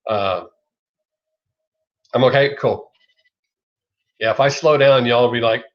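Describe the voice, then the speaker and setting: Taking it slowly with long pauses, a middle-aged man with a Southern US accent hosts a casual live chat in a medium-pitched voice. The lo-fi, dull recording catches him rambling, swearing freely and laughing often.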